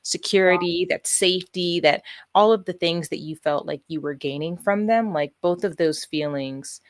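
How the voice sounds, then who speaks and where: Low-voiced, supportive woman podcast host. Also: normal speed, no room sound. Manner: supportive, reflective. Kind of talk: casual interview talk.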